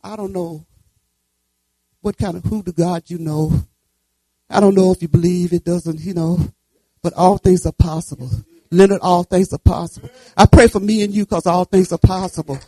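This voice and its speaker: A woman in her seventies preaching, telling a folksy personal story and breaking into fervent shouts of praise. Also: on the low side, steady tone, normal speed, slightly rough, no room sound, rough recording. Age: 70s. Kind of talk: sermon testimony and prayer.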